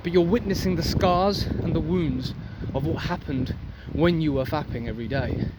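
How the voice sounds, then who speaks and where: A man's voice: a little high, moderate pace. A young man giving a blunt, profane motivational rant outdoors for his vlog. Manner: intense, profane, preachy. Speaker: vlogger. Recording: loud street traffic noise.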